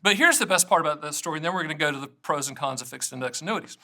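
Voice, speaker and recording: Middle-aged guy talking to camera about annuities, bright voice, jokey and rambly. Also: fairly high pitch, rapid-fire. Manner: energetic, joking, digressive. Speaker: annuity agent. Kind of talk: casual direct-to-camera talk.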